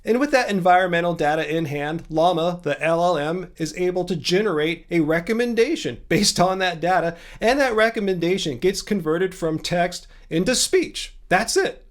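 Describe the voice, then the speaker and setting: A man's voice: high-pitched, lively intonation, moderate pace, few pauses. A man hosting a commentary vlog, talking in an emphatic, argumentative and sarcastic way. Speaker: vegan channel host.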